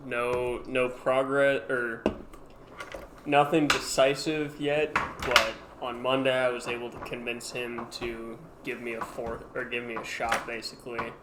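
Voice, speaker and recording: A man in sales speaks in a flat, matter-of-fact way at a middling pitch. Heavy background noise sits under his voice. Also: unhurried. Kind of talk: casual chat. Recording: loud steady noise.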